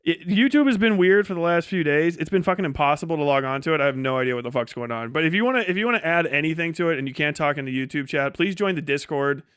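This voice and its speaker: High-voiced man mocking on a livestream. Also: animated, fast, few pauses, a bit bright, smooth, no echo, clean studio sound. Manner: mocking, laughing often, profane. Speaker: livestream host. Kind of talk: casual livestream rant.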